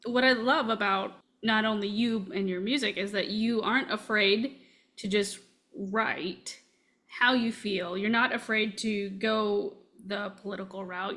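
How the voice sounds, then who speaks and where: A woman's voice: mid-range voice, a bit bright. A woman hosting a podcast in a casual interview, speaking in an effusive, affirming way. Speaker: podcast host.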